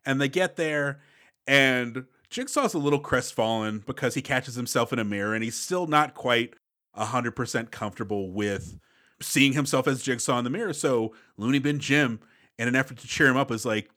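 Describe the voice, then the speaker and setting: A man on a movie podcast, recapping scenes with a wry, easygoing delivery. His voice is bright and forward, at a middle pitch. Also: normal speed. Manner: recaps plot, wry, sometimes does voices. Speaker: podcast co-host. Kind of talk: casual movie-review chat.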